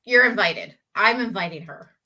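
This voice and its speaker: A woman's voice: medium pitch, lively intonation, moderate pace, sharp tone. Giggly teasing woman, Southern US accent. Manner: giggly, teasing, laughs often. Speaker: co-host. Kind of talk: casual chat on a live video show.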